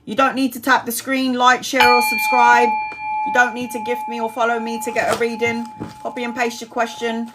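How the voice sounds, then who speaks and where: A woman's voice: a little high, completely flat delivery, a little fast, heavy background noise. A woman, giving a live-stream tarot reading in a chatty, blunt way and laughing often. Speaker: tarot reader.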